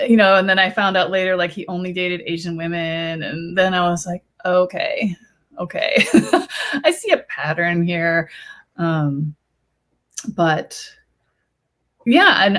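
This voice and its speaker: A woman's voice: fairly low pitch, fairly bright tone. A woman from Chicago with a Chicago accent, an author telling stories in a casual panel discussion, chatty and full of fillers. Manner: chatty storytelling with fillers and laughs.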